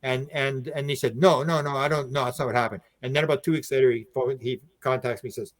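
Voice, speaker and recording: Male podcast guest, mid-pitched, lively storyteller who stumbles and repeats himself. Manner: animated, acts out quoted speech with raised voice; halting, frequent restarts and repeated words. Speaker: podcast guest, UFO researcher. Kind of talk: casual storytelling.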